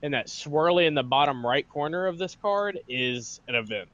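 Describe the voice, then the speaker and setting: A man's voice: a little high, animated, moderate pace, fairly bright tone, dry recording, highs cut off. A man co-hosting a podcast, patiently walking the others through the rules of a board game. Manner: patient, methodical, walks through steps. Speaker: podcast co-host explaining rules. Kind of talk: casual rules explanation.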